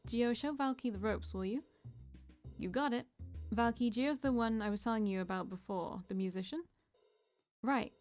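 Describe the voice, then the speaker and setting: A woman voicing the calm, confident woman who runs a speakeasy and looks after her staff. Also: fairly high pitch, moderate pace, long pauses, soft background music, natural voice. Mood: assured. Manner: calm, in charge.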